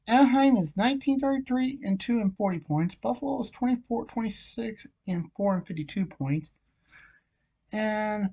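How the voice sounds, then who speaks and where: Running through hockey scores, odds and picks in a casual, filler-heavy chat, this vlogger has a frog in the throat and keeps coughing. The voice is mid-range and mellow, and the audio is dull.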